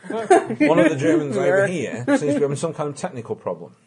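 A man running a tabletop game as game master, chatty and relaxed, narrating between dice rolls. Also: high-pitched, a little fast, over a noisy crowd. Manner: relaxed, chatty, lots of asides and laughter. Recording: noisy room recording.

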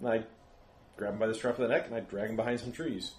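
A man's voice: lowish voice, fairly even intonation, a little mellow, a little hiss or hum. Chatty man playing a tabletop game. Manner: chatty, quick to laugh. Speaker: player. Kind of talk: casual tabletop play.

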